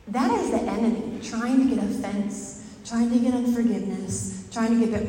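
A woman pastor giving a sermon in a conversational, lively way, laughing and acting out little asides. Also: on the high side, normal speed, slight background noise. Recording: very echoey hall, mic far off, faint ambience.

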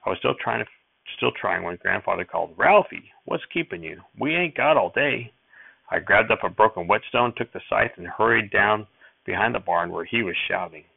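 A man reading a memoir aloud in a steady, measured audiobook narration. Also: low voice, vocal fry, no room sound. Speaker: audiobook reader. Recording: dry tinny phone-like sound.

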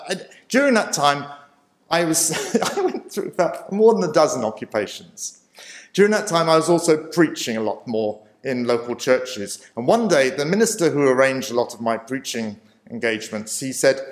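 Man, minister sharing testimony, self-deprecating, roomy echo. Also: medium pitch. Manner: self-deprecating, laughs at himself often. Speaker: minister telling his life story. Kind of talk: personal testimony talk.

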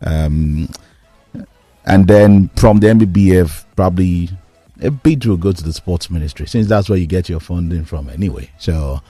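A man on a sports talk panel, giving measured, assertive analysis. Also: low-pitched, warm tone, dry recording, soft background music. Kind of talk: casual chat, analysis.

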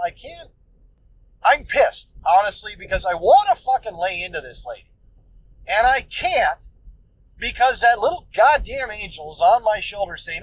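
A man's voice: sits high, rough recording. A man hosting a solo podcast, telling a story in a loose, profane, ranting way. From United States. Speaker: podcast host.

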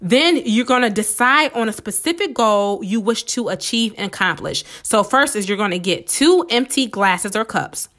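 Fast-talking woman podcast host. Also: mid-range voice. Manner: fast-talking, excited, repeats steps. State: a little under the weather, slight sore throat. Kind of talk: casual motivational podcast talk.

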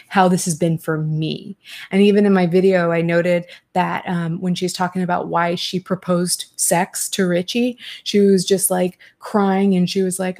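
A woman hosting a casual commentary chat, reading viewer comments aloud and talking bluntly, with swearing and quick restarts. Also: on the low side, darkish tone. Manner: quick, talkative, many restarts.

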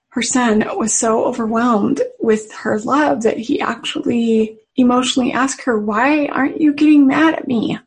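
A woman with a very breathy, husky voice that sits a bit high. She unfolds a devotional story slowly, in an earnest and tender way. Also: a little mellow, rough recording. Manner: earnest, tender, emotionally emphatic. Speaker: religious speaker.

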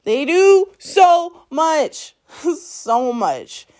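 A woman's voice: high-pitched, big pitch swings, drawn-out words, darkish tone. A woman hosting her own podcast, ranting bluntly and profanely at her listeners, scolding them and laughing between lines. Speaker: podcast host. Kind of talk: solo podcast rant.

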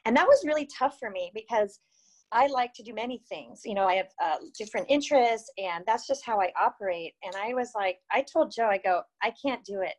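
A woman in her fifties, once a distance runner, tells stories casually in an interview, with plenty of "you know" and "like" and frequent laughter. Her voice is a little high, expressive, and a little fast.

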